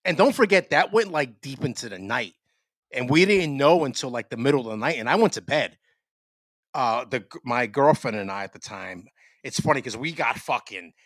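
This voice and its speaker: A podcast co-host with a medium-pitched voice and no echo chats casually. His stories wander all over the place, and he tells them with plenty of energy and profanity.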